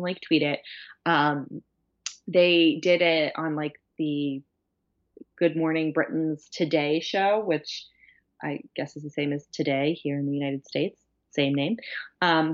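A woman co-hosting a casual podcast tells a story with animated energy, lots of "um" and "like" along the way. Her voice sits on the low side for a woman. The recording sounds dull and lo-fi. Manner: animated storyteller, laughing, many fillers. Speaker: podcast co-host. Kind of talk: casual chat.

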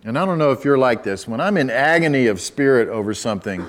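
A man preaching a sermon in a conversational way, with self-deprecating asides and restarts, who rises to loud, emphatic cries when quoting scripture. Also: mid-range voice, expressive, fast, a little hiss or hum. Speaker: pastor.

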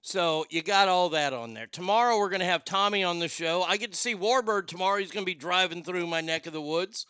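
Joking loud male radio host. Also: high-pitched, brisk, hardly any pauses, smooth, no room sound, clean studio sound. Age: 50s. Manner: loud, joking, rambling storyteller. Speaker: radio talk show host. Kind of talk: casual radio talk.

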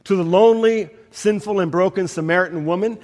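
A man delivers a sermon, building his stories with emphatic, rising delivery. His voice sits a little high for a man. Long reverb trails each phrase as though he speaks in a large hall. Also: fairly quick, a little mellow. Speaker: pastor.

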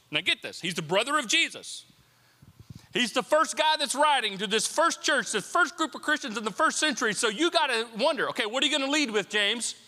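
A man preaching a sermon as pastor, conversational and animated, acting out little asides. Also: high-pitched, long reverb tail.

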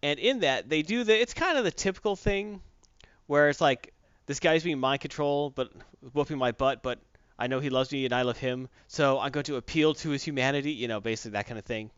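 A man's voice: medium pitch, a little fast, a bit bright, clean tone, dry recording, highs cut off. A man in casual chat, recapping a comic book plot in a rambling way with many fillers and restarts.

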